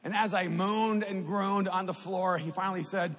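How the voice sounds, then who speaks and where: High-voiced man telling his testimony. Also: steady tone, moderate pace, hardly any pauses, a bit bright. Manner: storytelling, rising to impassioned at climaxes. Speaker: speaker giving a testimony. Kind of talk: personal testimony talk. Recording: long hall reverb.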